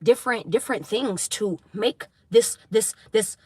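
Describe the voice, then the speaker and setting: A woman giving a tarot reading to her viewers, preaching intensely, swearing, and apologizing for getting loud. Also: mid-range voice, a little slow, slightly rough, dry recording. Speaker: tarot reader.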